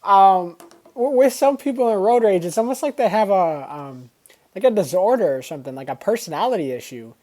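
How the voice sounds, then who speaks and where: A man's voice: high-pitched, lively intonation, a little fast, mellow. Rambling casual male vlogger. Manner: rambling, filler-heavy, slangy. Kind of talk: casual vlog chat.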